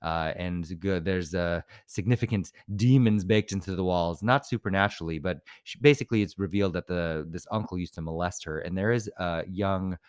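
A man with a low voice rambles casually through film trivia. He breaks off and restarts his sentences often. The recording is dry and close. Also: moderate pace, hardly any pauses, clean tone, dry recording. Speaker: podcast co-host. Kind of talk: casual chat reviewing films.

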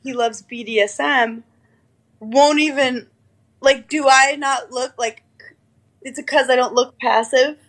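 A woman's voice: high voice, fairly even intonation, takes it slowly, a bit bright. A young woman chatting frankly as a podcast guest, giggly and playful. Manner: frank, giggly, puts on a cute baby voice. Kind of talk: casual chat.

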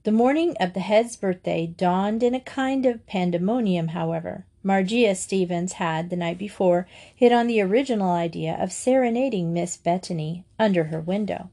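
A woman reading a children's storybook aloud in a calm, measured way. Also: on the low side. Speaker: audiobook narrator. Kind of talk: scripted storybook narration.

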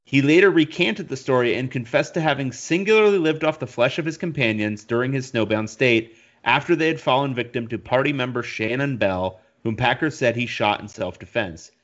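A man's voice: mid-range voice, brisk, fairly bright tone, muffled recording. A man co-hosting a podcast in casual chat, reading listener mail and searching things up aloud. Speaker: podcast co-host.

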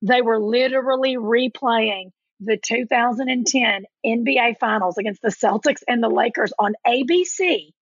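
A woman in her forties in casual chat, telling lively stories and acting out quotes in a higher voice. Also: normal speed, hardly any pauses, husky, no room sound, highs cut off. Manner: animated storyteller, acts out quotes with a jump in pitch. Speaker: podcast guest.

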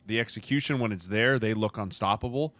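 A man's voice: on the low side, fairly quick, a bit bright, no echo. A man co-hosting a football podcast, opinionated and acting out quotes in casual chat. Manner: opinionated, acts out quotes in voices. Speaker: podcast co-host, former lineman.

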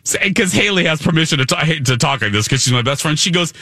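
Excitable guy acting out a story, high-ish voice, bright and punchy. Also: fast, no room sound, clean studio sound. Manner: excitable, acts out voices in his stories. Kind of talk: animated storytelling chat.

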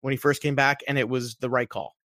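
Pushed and bright, a medium-pitched male voice delivers flat, fairly quick lines on a fantasy football podcast where he's a co-host. He keeps the betting talk casual yet emphatic, hammering points through repetition. It's recorded clean in a studio with no room sound.

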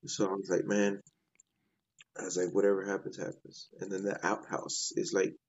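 Gravelly low-voiced man telling a story. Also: monotone, normal speed, highs cut off. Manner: rambling, repeats "I was like". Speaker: guest sharing a paranormal story. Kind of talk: casual storytelling.

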